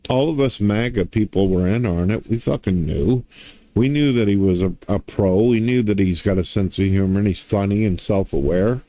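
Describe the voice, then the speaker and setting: A middle-aged man delivers a profane, swaggering rant straight to his viewers. His voice sits low with a dark, mellow timbre. The sound is close and dry, with no room around it. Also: normal speed, hardly any pauses, no room sound. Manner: crude, blunt, swaggering, lots of swearing. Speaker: online commentator.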